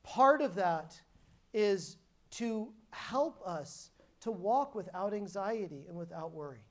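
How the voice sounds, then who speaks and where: A woman's voice: medium pitch, animated, slow pace. Woman preacher, mid-range voice, emphatic storytelling sermon, frequent restarts. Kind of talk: sermon with personal testimony.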